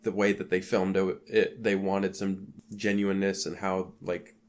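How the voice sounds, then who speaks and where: A man's voice: low-pitched, little pitch movement, normal speed. A man co-hosting a podcast, chatting about a film in a laid-back, rambling way with lots of filler words. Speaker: podcast co-host. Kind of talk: casual film discussion.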